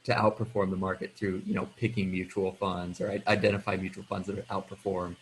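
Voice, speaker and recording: A man who is a financial advisor, explaining his reasoning in a measured way during a casual discussion. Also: deep voice, level tone, a little hiss or hum, rough recording. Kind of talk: casual office-hours chat.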